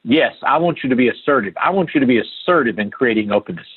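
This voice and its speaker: Older man, husky voice on a tinny line. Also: mid-range voice, lively intonation, fast talker. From Appalachia. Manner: earnest, emphatic, repeats phrases for stress. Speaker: podcast guest. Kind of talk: storytelling interview talk.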